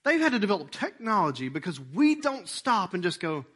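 Guy preaching, chatty then suddenly punchy and loud, fairly high voice. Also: brisk, husky. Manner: lively, conversational preaching with sudden loud emphatic bursts; leads the congregation in breathing exercises. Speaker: pastor. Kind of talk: sermon.

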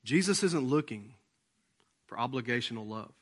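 A middle-aged male pastor preaching a sermon, swinging between loud appeals and hushed lines and acting out quoted prayers. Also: mid-range voice, animated, moderate pace. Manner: acts out quoted prayers and asides.

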